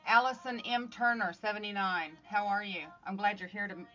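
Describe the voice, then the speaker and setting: Bright chatty woman on a live stream, greeting folks by name while crafting, kinda muffled phone sound, quiet music behind. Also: medium pitch, fairly quick. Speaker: livestream host making craft art. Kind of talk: casual livestream chat greeting viewers. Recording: slightly dull audio with faint music.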